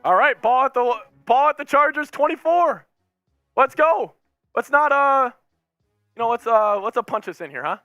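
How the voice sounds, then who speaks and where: Male fan streamer, very high, bright and hyped, rambling play-by-play over faint music. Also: animated, moderate pace, no room sound, studio quality. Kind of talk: live fan reaction stream.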